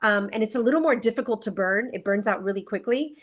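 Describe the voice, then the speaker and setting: Talking fast in a medium pitch, the feng shui practitioner explains herself earnestly on a live video call. It's a conversational interview, and she uses plenty of fillers and rhetorical questions.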